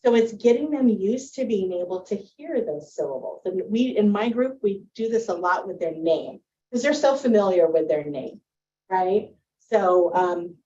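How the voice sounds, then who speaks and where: A woman's voice: medium pitch, animated, measured pace, warm tone, lo-fi sound. A woman teacher giving a presentation to parents on early reading, explaining with friendly spoken examples.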